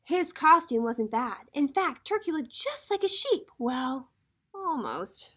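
Teacher lady reading a kids storybook out loud, high voice, super lively, talks right to the kids. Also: slow pace. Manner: animated storybook reading, addressing kids directly. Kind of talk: reading a picture book aloud to children.

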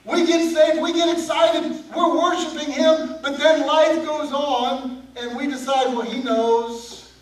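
A male pastor preaching a sermon, animated, throwing questions out to his congregation. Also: extremely high pitch, unhurried, few pauses. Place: church sanctuary. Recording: echoey sanctuary, distant mic, faint room noise.

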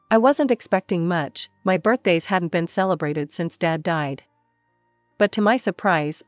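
A woman with a fairly low voice reads a first-person story in a calm, steady manner. The sound is very dry and close, with faint music underneath. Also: no room sound. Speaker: narrator. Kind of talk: scripted storytelling narration.

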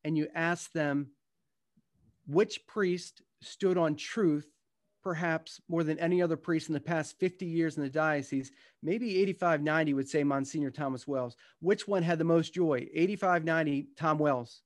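Reading from his book partway through, a middle-aged man gives a heartfelt, earnest storytelling talk as a guest speaker, occasionally stumbling and restarting. He speaks at normal speed in a voice on the high side.

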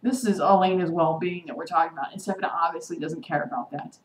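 Talking fast in a lowish voice, this TV episode vlogger recaps the show casually, angry and indignant, with bits of sarcastic mimicry. Her recording has an echoey room sound and faint ambient noise.

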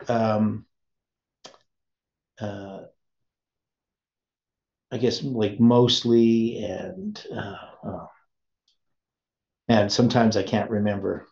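A man teaching an informal Bible study, speaking haltingly and often stopping to search for words. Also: mid-range voice, darkish tone. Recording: dull lo-fi recording.

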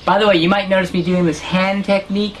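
A man teaching a harmonica lesson, explaining technique in a relaxed way and correcting himself as he goes. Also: high voice, fast, slight background noise, poor audio. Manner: demonstrates sounds and counts beats aloud. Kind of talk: instructional lesson.

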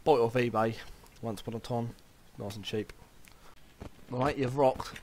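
A man's voice: mid-range voice, fairly even intonation, moderate pace, darkish tone, slight background noise. A man joking crudely and laughing as he plays a shooter game and does silly voices. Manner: crude, rambling, laughing a lot. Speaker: gaming YouTuber. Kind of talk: casual gameplay banter doing silly accents.

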